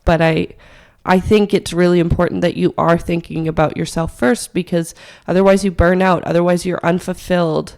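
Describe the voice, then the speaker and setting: A young woman co-hosting a podcast, hoarse from hay fever, with a raspy voice, chatting frankly and laughing often. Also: on the low side, level tone, normal speed, few pauses, darkish tone. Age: young adult. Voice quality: raspy, gravelly. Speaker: podcast co-host. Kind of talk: casual chat.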